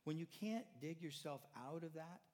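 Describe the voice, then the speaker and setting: A man's voice: on the high side, lively intonation, normal speed. Older male pastor preaching in a reverberant hall. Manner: conversational preaching, rising to emphatic then dropping soft. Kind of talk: sermon.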